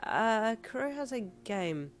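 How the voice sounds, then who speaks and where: A woman's voice: fairly high pitch, big pitch swings, slow pace, soft background music, voice pushed up. A woman voicing an awkward, flustered teenage girl who jokes at her own expense. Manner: flustered, self-mocking.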